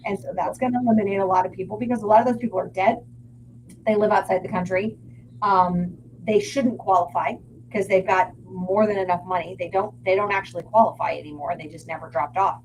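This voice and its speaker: A woman's voice: medium pitch, fairly even intonation, a little fast, a little mellow, a little hiss or hum, low-quality recording. A woman co-hosts a talk show in a casual, conversational way. She often restarts sentences, repeating words as she gathers her thoughts. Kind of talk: casual political chat.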